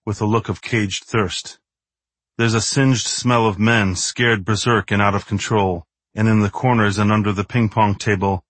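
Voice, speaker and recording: A man narrating a novel in the first person in a measured, steady, understated way. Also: lowish voice, no echo. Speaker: audiobook narrator.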